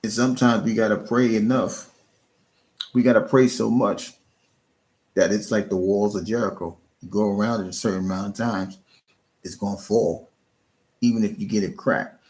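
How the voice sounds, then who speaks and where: A man's voice: lowish voice, fairly even intonation, normal speed, long pauses, a little mellow. A man streaming live, giving casual, earnest encouragement to his chat, often restarting and repeating words. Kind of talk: casual motivational talk.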